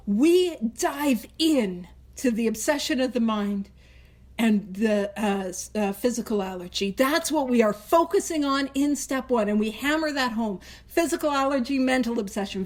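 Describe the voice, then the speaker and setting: Woman, high voice, casual teaching talk, laughs a lot, wanders off on tangents. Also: lively intonation, normal speed, a little mellow. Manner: chatty, laughs often, goes off on tangents. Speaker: host leading a recovery book study.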